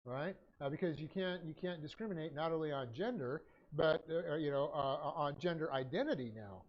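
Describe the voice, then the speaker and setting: A man teaching a Bible study class and dictating his notes, talking haltingly with many fillers and self-corrections. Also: a little high, muffled recording.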